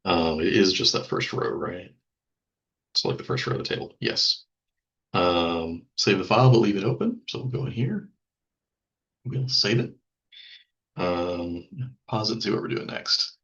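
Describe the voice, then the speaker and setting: A man teaching a software lesson over a screen recording, thinking aloud with ums and small self-corrections. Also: low-pitched, expressive, a little slow, long pauses, lo-fi sound. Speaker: instructor.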